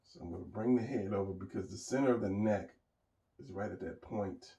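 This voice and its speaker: A man's voice: on the low side, fairly quick, dark tone, reverberant, recorded from a distance, rough recording. A man thinking aloud as he talks through his drawing, casual and rambling. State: tired, hiccuping and yawning. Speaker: artist narrating a drawing session.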